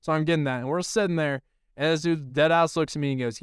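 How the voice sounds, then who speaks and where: A man's voice: on the high side, steady tone, fast talker, smooth, no echo, studio quality. A man co-hosting a baseball podcast, telling a long profane story in casual chat. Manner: profane, rambling storyteller who acts out quotes. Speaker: podcast co-host, baseball coach.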